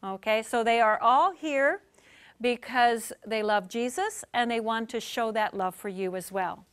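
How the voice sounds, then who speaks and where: High-voiced woman leading a class. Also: measured pace, clear, resonant tone. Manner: energetic, coaxing, leads drills. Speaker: ESL lead teacher. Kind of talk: classroom teaching.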